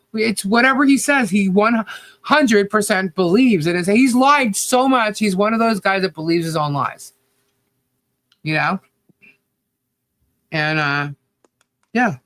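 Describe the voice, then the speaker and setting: A man's voice: high voice, fairly bright tone, no room sound. A man co-hosting a podcast, delivering critical commentary in a rambling, blunt rant full of "you know" and casual swearing. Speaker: podcast co-host.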